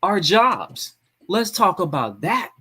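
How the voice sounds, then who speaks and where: Husky, lively-voiced podcast host preaching. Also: male voice, high voice, takes it slowly. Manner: preachy, emphatic, swears freely. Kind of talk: casual podcast chat.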